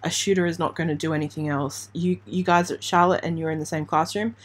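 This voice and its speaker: A woman from Australia hosting a true crime channel, giving halting, emotional live commentary on breaking news while trying not to cry. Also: low-pitched, fairly even intonation, breathy edge. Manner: halting, emotional, hesitant with restarts. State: near tears.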